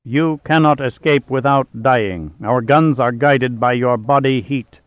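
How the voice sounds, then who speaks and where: A man voicing a cold armed security robot in an audiobook, speaking in a hollow, measured way. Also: mid-range voice, dry recording, close to an everyday voice. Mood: menacing. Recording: tinny phone-like sound.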